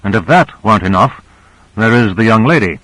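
A man's voice: on the low side, lively intonation, fairly quick, a bit bright, dry recording, poor audio. A male narrator voicing Michaels, a wry, melancholy man who probes with dry, knowing remarks. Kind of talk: audiobook character reading.

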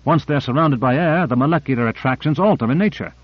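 A man playing a matter-of-fact doctor who explains things briskly, in an audiobook. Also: medium pitch, slightly rough, no echo, highs cut off, lightly acted. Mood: explaining.

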